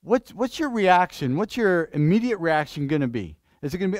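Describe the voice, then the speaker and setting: A pastor preaching in church, lively and questioning, restarting phrases and asking the congregation things. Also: male voice, high voice, fairly quick, no echo, studio quality. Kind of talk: sermon.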